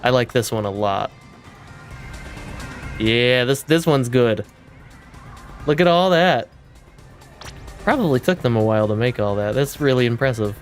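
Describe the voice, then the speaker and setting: A young man streaming a game, talking casually and excitedly, swearing freely. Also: medium pitch, unhurried, long pauses, soft background music. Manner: baby-talk to his cat. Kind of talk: casual live-stream commentary.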